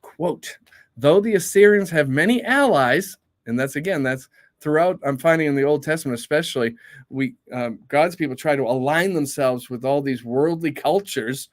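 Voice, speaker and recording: A man's voice: mid-range voice, moderate pace. A male pastor giving an informal Bible study, reading scripture and commenting in a conversational way, with asides and rhetorical questions.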